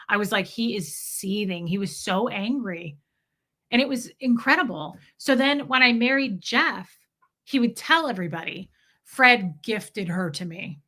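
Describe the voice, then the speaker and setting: Bright-voiced woman telling a story. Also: medium pitch. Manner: animated, swearing, acts out quoted voices. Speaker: streamer telling a personal story. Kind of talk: casual storytelling to an audience. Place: home basement studio.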